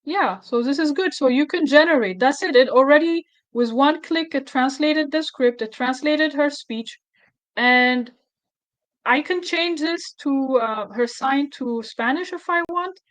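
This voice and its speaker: A woman talking through a software tutorial as she clicks along, her voice sitting a little high. She thinks aloud, stops mid-phrase, restarts and corrects herself in a loose, unscripted way. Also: a little slow, poor audio. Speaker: tutorial host. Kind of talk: casual screen-recorded walkthrough.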